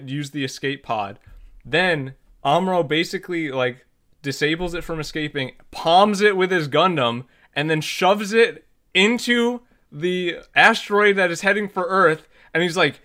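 A man chatting on a podcast, retelling a film with excited energy and plenty of "like" and "uh." His voice is bright and smooth, and he jumps into the characters' lines as he goes. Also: a little high. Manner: animated, many fillers, acts out characters' lines. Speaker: podcast co-host. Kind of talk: casual chat recapping a film.

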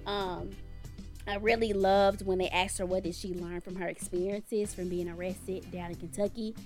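An outspoken woman talking through her views in a relaxed, blunt way, with the odd swear word. Her voice sits at an ordinary middle pitch. Faint music plays softly under her. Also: normal speed. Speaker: podcast co-host. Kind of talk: casual commentary chat.

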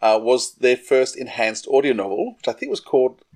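A man hosts a casual interview, hesitant, chuckling often and restarting his sentences. His voice is mid-pitched. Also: big pitch swings, normal speed, darkish tone. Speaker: interviewer host.

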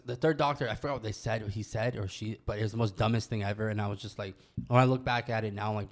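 A man's voice: lowish voice, fairly even intonation, quick pace, hardly any pauses. A young man from Canada telling a personal story in casual podcast chat, loose and full of slang and swearing. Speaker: guest telling his story.

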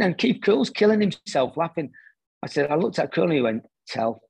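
A middle-aged man, a former footballer, chatting casually as a guest and telling lively anecdotes in which he acts out the quoted dialogue. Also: on the high side, brisk, creaky, slightly rough, no echo. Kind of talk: casual storytelling chat.

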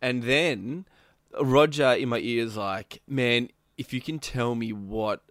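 A male podcast co-host, telling an animated story in casual chat and acting out quotes. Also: medium pitch, slow pace, dry recording, studio quality. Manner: animated storytelling, acts out quotes, laughs often.

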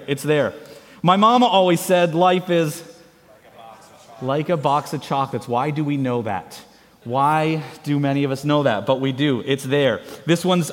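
Male pastor, fairly high voice, sermon in a big echoing church, playful call-and-response. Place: church sanctuary. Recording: long hall reverb of a church.

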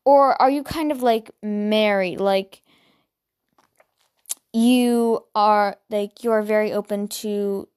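A woman's voice: medium pitch, steady tone, slow, a little mellow, smooth. A woman hosting a podcast, reading a novel aloud and then chatting about it casually, with fillers and restarts. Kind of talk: storybook reading with casual chat.

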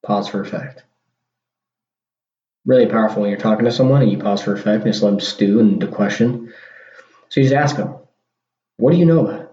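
A man's voice: fairly low pitch, brisk, long pauses, warm tone. A man hosting a casual solo podcast, talking in a rambling way and often repeating and restarting his words. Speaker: podcast host. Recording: dull lo-fi sound in an echoey room.

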